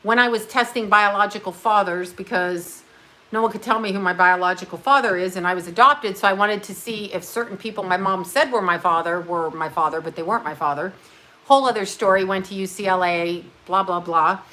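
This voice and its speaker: A Canadian woman hosts a livestream, chatting casually at a brisk pace in a medium-pitched, sharp voice. She rambles, speaks bluntly and profanely, and throws in self-mocking asides.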